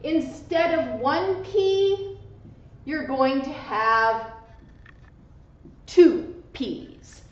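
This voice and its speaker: A woman English teacher giving a slow, deliberate grammar lesson, spelling out letters and stressing syllables carefully. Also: high voice. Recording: echoey room, dull lo-fi sound.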